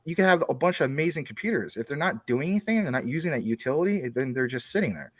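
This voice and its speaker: A man's voice: fairly high pitch, very animated, quick pace, no room sound. A man talking as a guest on a casual chat show, explaining things at length through long everyday analogies.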